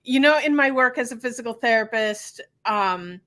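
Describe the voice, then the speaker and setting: A woman with a high, very bright voice, hosting a casual podcast conversation. She talks in an earnest, conversational way, sharing a personal story. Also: expressive, moderate pace. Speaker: podcast host, physical therapist.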